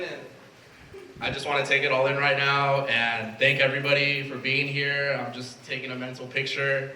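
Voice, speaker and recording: A man's voice: mid-range voice, flat delivery, moderate pace, roomy sound, background noise. Brief: young male student leader from Mexico, earnest prepared remarks, far mic, faint ambience. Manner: emotional, earnest, reading a prepared speech. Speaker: student club president. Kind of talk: prepared speech. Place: event space at a college.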